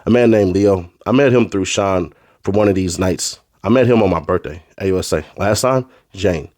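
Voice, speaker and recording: A man reading a courtroom transcript aloud, naming each speaker in a flat, clipped way. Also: low-pitched, moderate pace, no room sound, studio quality. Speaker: trial recap reader.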